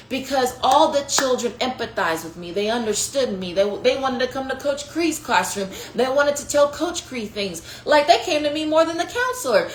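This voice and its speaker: A woman preaching a prophetic teaching on her podcast, in a passionate, conversational way that swings from hushed to loud, calling listeners "baby" and "y'all". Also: fairly high pitch. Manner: passionate, conversational preaching with sudden rises and drops. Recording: echoey room with faint noise.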